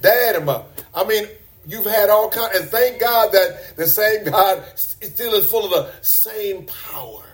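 A man's voice: sits high, measured pace. A man preaching a sermon to a congregation in a church, emphatic and repeating words for stress.

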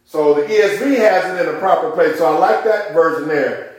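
A middle-aged man preaching a sermon as pastor, emphatic and calling out amens, rising at times to shouts. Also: fairly high pitch, brisk. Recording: echoey room.

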